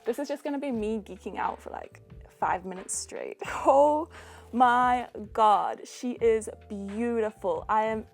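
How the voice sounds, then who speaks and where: Gushing New Zealand woman unboxing slowly. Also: a little high, faint music behind. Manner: gushing, breathless exclamations of delight. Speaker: doll artist and vlogger. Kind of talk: excited unboxing vlog.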